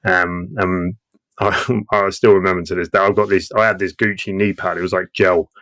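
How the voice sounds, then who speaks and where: A man's voice: low voice, flat delivery, moderate pace, a bit bright. A man in his thirties telling war stories casually, swearing and acting out voices, laughing often. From Britain. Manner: profane, acts out quoted voices, laughs often. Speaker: guest veteran.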